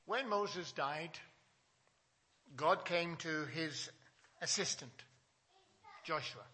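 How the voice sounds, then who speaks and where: A male pastor preaching a Sunday sermon to his small congregation, reading scripture with emphasis and asking questions, swinging from loud to soft. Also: a little high, extremely slow, a little hiss or hum.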